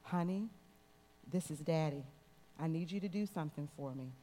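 A woman reading the lines of a calm, loving father who reassures his daughter, in soft gentle tones in a reverberant hall. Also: normal speed, slight background noise, natural voice. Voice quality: deep, calm. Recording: long reverb in a large hall.

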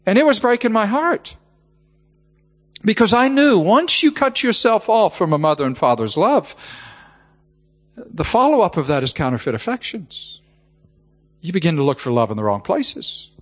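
A man's voice: high-pitched, big pitch swings, moderate pace, long pauses, big-room sound. A man preaching a sermon, telling a heartfelt personal story and often repeating the word "just.".

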